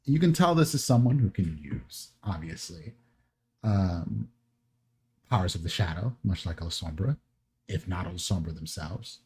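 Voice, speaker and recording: A man narrating as game master in a relaxed, rambling way with many fillers. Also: low voice, a little slow, breathy edge.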